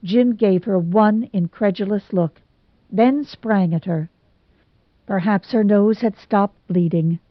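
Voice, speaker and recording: A woman narrating a storybook in an expressive reading voice. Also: medium pitch, takes it slowly, dry recording. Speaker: audiobook narrator. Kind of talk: scripted narration. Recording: dull lo-fi recording.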